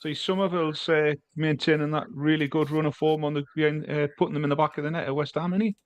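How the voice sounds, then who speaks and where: A man in a casual football chat, talking quickly with frequent restarts. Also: a little high, steady tone, no room sound. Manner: quick, chatty, restarts often.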